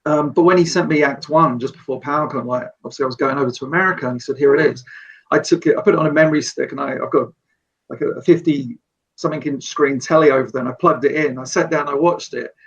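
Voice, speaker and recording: A man chats as a podcast guest, enthusiastic and rambling, often restarting his sentences. His husky, slightly high voice sits a little away from the mic. The recording is dull and lo-fi. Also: steady tone, quick pace. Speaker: guest, storyboard artist. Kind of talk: casual podcast chat. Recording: distant, dull lo-fi remote mic.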